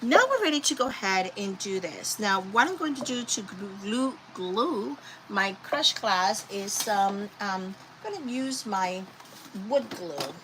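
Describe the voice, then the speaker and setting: A woman's voice: medium pitch, a little slow. A woman hosting a live crafting stream, chatting and rambling to her viewers as she works. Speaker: craft livestream host. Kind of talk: casual live crafting chat. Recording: steady background noise.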